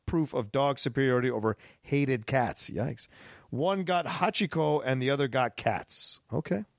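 An enthusiastic man co-hosting a casual podcast, thinking aloud and correcting himself as he goes. His voice sits at a middling pitch and sounds dry and close, with no room around it. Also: dry recording. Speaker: podcast co-host. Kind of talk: casual chat.

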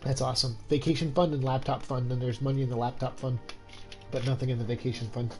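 Young male streamer, congested and exhausted, mid-range voice, hushed so he won't wake a roommate, loose rambling delivery. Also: mid-range voice, steady tone, quick pace, faint music behind, rough recording. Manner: keeping his voice down, rambling with many fillers. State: stuffed up with a cold. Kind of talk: casual game-stream chat. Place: home room at night.

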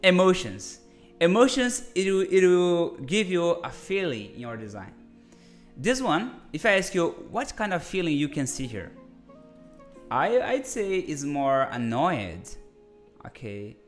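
Soft music plays faintly beneath a man's casual live-stream design lesson, delivered from a home desk. His fairly high, sing-song voice moves at a measured pace as he chats in a friendly way, restarts sentences, and calls viewers "my friend."

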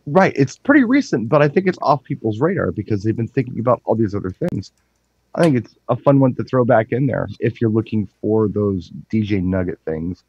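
Male DJ guest, low and husky, relaxed chat, dry lo-fi audio. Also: fairly quick, no room sound. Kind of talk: casual chat. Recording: dull, lo-fi dry sound.

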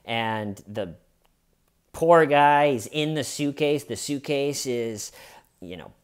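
A man's voice: medium pitch, animated, takes it slowly, clean tone. A man recapping a true crime case in a chatty, casual way, often restarting and adding asides.

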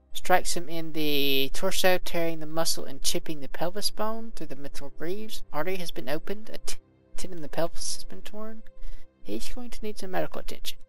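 A man with a slightly high, fairly bright voice comments on a video game over a rough recording. As a let's play commentator, he reads the combat log out loud and adds offhand asides.

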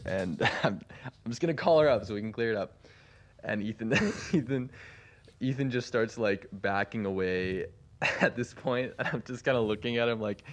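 A young man with a lowish voice tells a long story in a voice message at a normal speed. It's casual storytelling, rambling and full of fillers, and he laughs his way through it.

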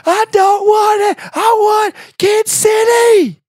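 A man voicing his whiny, demanding three-year-old son in a high, shrill, screaming voice. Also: little pitch movement, fast talker, no room sound, studio quality. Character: whiny, demanding little boy, around three years old.

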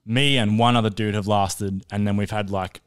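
A man's voice: fairly low pitch, fairly even intonation, moderate pace, clean tone. A young man, casually telling a long, sweary story on a podcast and laughing along as he goes. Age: young adult. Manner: laid-back, sweary, laughs while telling. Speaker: podcast co-host. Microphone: podcast studio mic.

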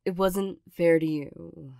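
A woman's voice: lowish voice, fairly even intonation, slow, creaky, mellow, no echo, clean studio sound. A woman playing a stammering tsundere girlfriend, whispered role-play. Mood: flustered. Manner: hesitant and stammering, with nervous little laughs. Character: awkward tsundere young girlfriend, gruff but loving. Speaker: ASMR role-play performer.

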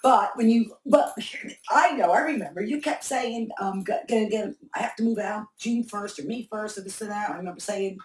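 A middle-aged woman speaking candidly in an interview, halting and repeating herself as she answers. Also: medium pitch. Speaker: interviewee, mother of the host. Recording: echoey room, mic far off.

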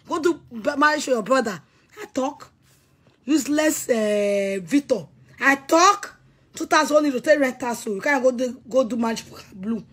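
A woman's voice: high voice, lively intonation, normal speed, breathy edge. A woman with a Nigerian accent in an angry, insulting rant, scolding and threatening someone she speaks to directly. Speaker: person addressing someone directly.

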